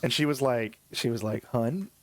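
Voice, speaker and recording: A man's voice: mid-range voice, normal speed, a crowd in the background. A man chatting casually on a stream, rambling through stories with lots of restarts and laughing at himself. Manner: rambling, self-interrupting storyteller who laughs at his own stories. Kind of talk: casual chat.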